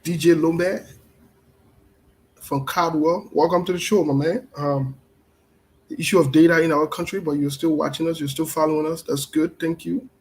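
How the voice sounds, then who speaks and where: A man's voice: a little high, fairly even intonation, normal speed, slight background noise, low-quality recording. A man hosting a casual live stream, repeating himself often and greeting viewers by name. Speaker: show host.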